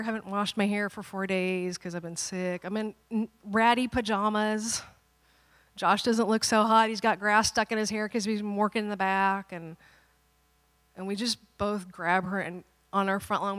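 A woman pastor in her thirties telling a family story during a sermon, animated and dramatic, with playful asides. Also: medium pitch, moderate pace, in a large hall.

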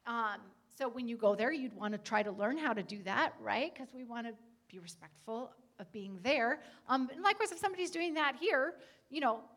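Earnest woman speaking gently on stage. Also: on the high side, moderate pace. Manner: earnest, warm, gentle with frequent fillers. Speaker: guest speaker on church stage. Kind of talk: church talk on etiquette.

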